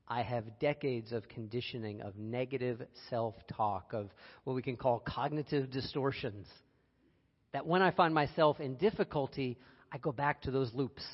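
A man gives an earnest, personal sermon in a conversational tone, with the odd wry aside. His voice sits at an ordinary middle pitch. The recording is a little dull and carries the long reverb of a large hall. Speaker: speaker giving a reflective talk.

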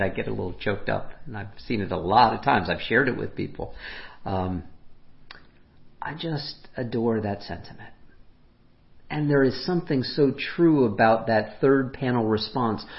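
A man preaching as a pastor, speaking gently and unhurriedly, his voice dropping softly on heartfelt lines. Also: medium pitch, gravelly. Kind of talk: reflective sermon. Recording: muffled lo-fi sermon audio.

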